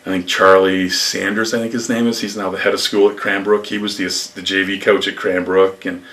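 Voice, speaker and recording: Low-voiced older man telling stories. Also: a little fast, distant mic. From upstate New York. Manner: rambling, animated anecdotes with acted quotes. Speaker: retired lacrosse coach, interviewee. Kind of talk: storytelling interview.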